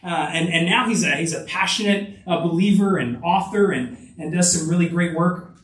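A man preaching a sermon in an earnest, conversational way, often restarting phrases. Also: normal speed. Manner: earnest, with frequent restarts and lively rises in pitch. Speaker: pastor. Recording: echoey room, voice from a distance.

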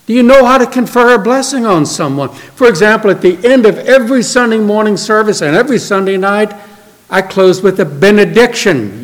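Earnest preacher man in a reverberant church. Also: high voice. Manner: earnest preaching, swinging from emphatic to hushed. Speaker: pastor. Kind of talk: sermon. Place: church sanctuary. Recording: long reverb of a church hall.

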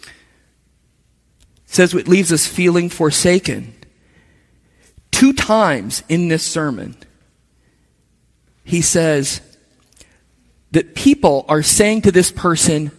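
Taking his time and pausing often, a male pastor with a high voice gives a casual, conversational sermon with lively intonation, breaking off for asides to the congregation. His words echo with a long reverb, like in a big hall.

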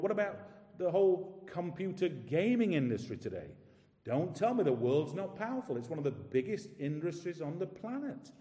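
A man preaching a sermon in a mellow, fairly high voice. He presses his points with rhetorical questions and drags out quoted scripture slowly. The sound rings with the long reverb of a big church hall. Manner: emphatic, asks rhetorical questions, slows down on scripture.

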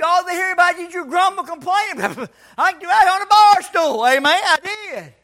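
A man preaching a sermon to a church congregation, folksy and calling for responses, sometimes shouting. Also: very high-pitched, animated, moderate pace, hardly any pauses.

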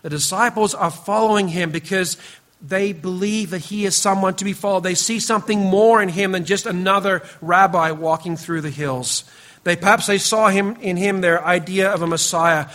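A man preaching a sermon to his congregation, earnest and emphatic, often dropping to a quieter, lower voice and addressing listeners by name. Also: steady tone, normal speed. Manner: speaks directly to the congregation, teasing members by name. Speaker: pastor.

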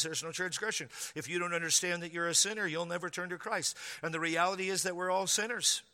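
A man's voice: sits high, pushed and bright, in a large hall. A man preaching a sermon in a church, acting out the doubts of his listeners in quoted voices. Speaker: pastor.

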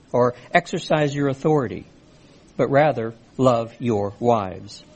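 A man's voice: fairly high pitch, a little mellow, husky. A man preaching a sermon, earnest, stressing his points and speaking directly to the men in the congregation. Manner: earnest preaching with rising emphasis and asides to the men. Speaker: pastor.

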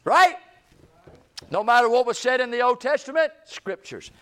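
A man preaching a sermon, shouting key points and dropping low at the ends of phrases. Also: animated, moderate pace, smooth. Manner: folksy, emphatic preaching with sudden shouts and drops to low trailing endings.

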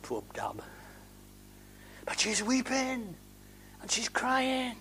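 A man's voice: very high voice, wildly swooping pitch, very slow, bright, forceful tone, a little hiss or hum. A man preaching a sermon to a congregation, conversational and humorous, with theatrical asides.

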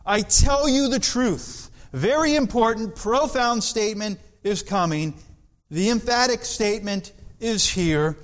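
Slow, high-voiced male preacher. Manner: earnest, deliberate, with dramatic pauses. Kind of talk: sermon.

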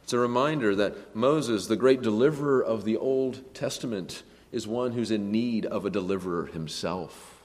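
A man preaching a sermon, emphatic, swinging between a hushed voice and a raised one. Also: fairly low pitch, moderate pace, few pauses, in a large hall. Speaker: pastor.

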